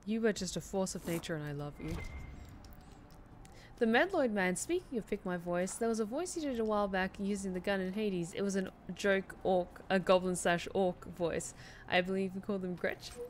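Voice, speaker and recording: A woman's voice: mid-range voice, lively intonation, normal speed. Woman streamer reading out viewer messages, casual and chatty, mid voice, little hiss.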